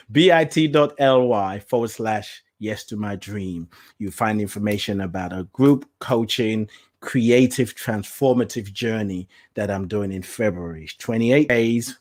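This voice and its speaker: A man hosting his own podcast, speaking in an affirming, animated way, laughing often and dropping into soft asides. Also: mid-range voice. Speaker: podcast host. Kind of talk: solo podcast monologue.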